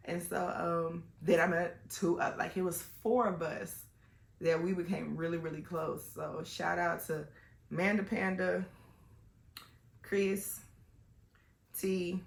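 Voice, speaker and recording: Gravelly-voiced woman telling a story in an echoey room. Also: lowish voice, fairly even intonation, moderate pace. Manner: chatty and rambling, with many fillers and restarts. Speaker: vlogger. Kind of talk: personal storytelling vlog.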